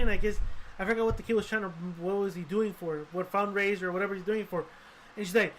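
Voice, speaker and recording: A man with a high voice speeds through animated stories on a casual podcast, swearing as he goes. There is faint noise behind him. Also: quick pace. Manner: animated storyteller, profane. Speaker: podcast co-host. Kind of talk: casual chat.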